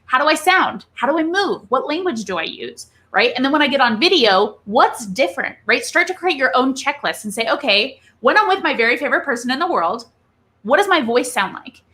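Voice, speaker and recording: A bright, forceful woman speaking as an interview guest and coach. She talks in a lively, teaching way and keeps checking in with the listener. Her voice sits a little high. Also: a little fast. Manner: animated, coaching, frequent "right?" tag questions. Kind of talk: conversational interview.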